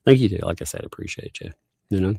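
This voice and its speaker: A man's voice: sits low, quick pace, gravelly, warm tone, slightly rough, no room sound, studio quality. A man hosting a casual livestream, reading viewers' messages and thanking them by name with frequent laughter. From United States. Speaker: livestream host. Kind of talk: casual livestream chat reading out super chats.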